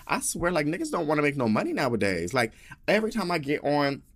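A man's voice: fairly high pitch, huge pitch swings, quick pace, a bit bright. A man hosting a podcast, telling a story in a sassy, dramatic rant full of swearing and asides. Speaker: podcast host.

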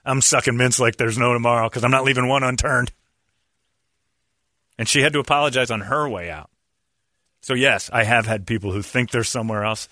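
A middle-aged man hosting a radio show, telling stories in a rambling, animated way. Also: mid-range voice, fairly quick, long pauses, no room sound, studio quality. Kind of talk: morning radio banter.

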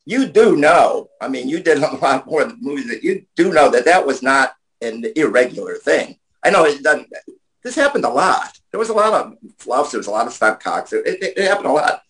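A man's voice: fairly high pitch, sing-song, normal speed, fairly bright tone, poor audio. A man chatting casually, rambling through memories with restarts and laughter. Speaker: guest. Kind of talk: casual chat.

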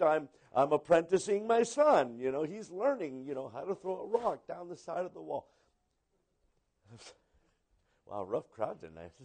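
A man's voice: high voice, darkish tone. A man preaching a sermon to a congregation, rambling and repeating words, with comic asides where he imitates people. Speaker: pastor.

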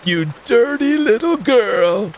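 A man's voice: extremely high pitch, expressive, slow pace, slight background noise, voice pushed up, exaggerated voice. A man voicing a crazed old man with a cane, who taunts in a sing-song voice and laughs wildly. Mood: sing-song taunting.

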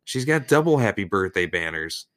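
A man's voice: on the low side, big pitch swings, normal speed, fairly bright tone, dry recording, studio quality. A man co-hosting a casual podcast, teasing and bantering playfully. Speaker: podcast co-host. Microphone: studio microphone.

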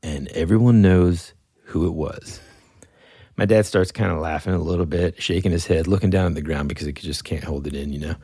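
A man casually telling a funny story, laughing often and acting out shouted lines. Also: sits low, a little fast, breathy edge, no room sound, clean studio sound. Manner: animated, laughs often, acts out yells.

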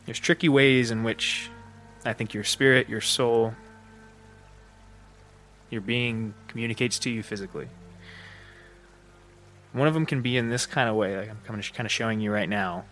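A man's voice: mid-range voice, normal speed, pauses often, a bit bright, faint music behind. A man hosting a solo podcast, thinking aloud with fillers and restarts, his breath slightly shaky and short. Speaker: podcast host. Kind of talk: unscripted solo podcast talk.

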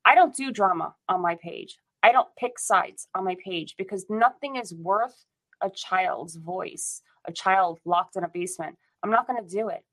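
A woman's voice: mid-range voice, normal speed, fairly bright tone, rough recording. Fierce, swearing American woman ranting. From United States. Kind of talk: impassioned rant in casual chat.

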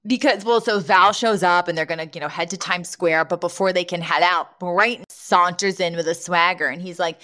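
Animated woman retelling a sitcom episode. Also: lowish voice, a little fast. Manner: animated retelling, acts out quoted lines, laughs often. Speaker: podcast co-host. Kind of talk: casual chat recapping a sitcom episode.

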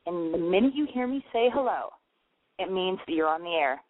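A woman's voice: fairly low pitch, animated, brisk. A young woman hosting a homemade call-in advice show, rambling and cursing freely while mocking herself, her voice a little nasal from smoke. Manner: rambling, profane, self-mocking. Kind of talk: casual call-in radio monologue. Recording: dry, phone-like narrow sound.

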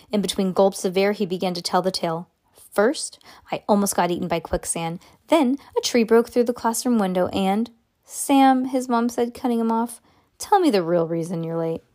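A woman reads a children's chapter book aloud in a mid-pitched voice. She stumbles, restarts and fixes her words as she goes. She gives the sound words extra punch. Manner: halting, self-correcting read-aloud with lively sound words. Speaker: reader.

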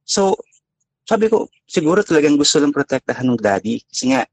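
A man's voice: on the high side, sing-song, fast talker, creaky, no room sound, rough recording. A man telling a personal story in a casual chat, hesitant and full of fillers.

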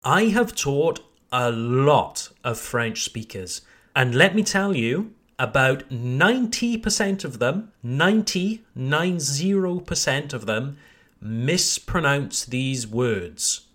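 A man teaching English pronunciation in a podcast lesson, speaking deliberately and stressing key points. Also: medium pitch, lively intonation, a bit bright. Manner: slow, deliberate, emphatic teaching.

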